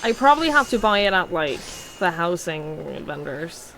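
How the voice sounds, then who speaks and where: A woman's voice: on the low side, sing-song, moderate pace, a bit bright, a little hiss or hum. A woman streamer chatting playfully with her viewers while playing a game. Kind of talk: casual game livestream chat.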